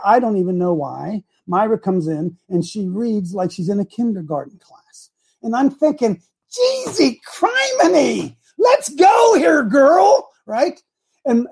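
A middle-aged man hosting a casual morning show, rambling and repeating himself, with sudden loud outbursts. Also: sits high. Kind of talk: casual live-stream talk.

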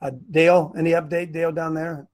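A man hosting a casual livestream, rambling and excitable, stopping and restarting his sentences. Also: on the high side, fairly quick. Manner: rambling, excitable, self-interrupting. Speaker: host of a preparedness group show. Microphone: webcam on a wobbly stand.

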